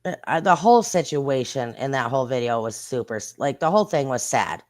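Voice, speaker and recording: A livestream host reacts to viral clips in a blunt, indignant way, with mild swearing. The voice sits at an ordinary middle pitch and chats straight to the viewers. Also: lively intonation, brisk. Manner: chatty, talks straight to the viewers. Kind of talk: casual livestream commentary on viral videos.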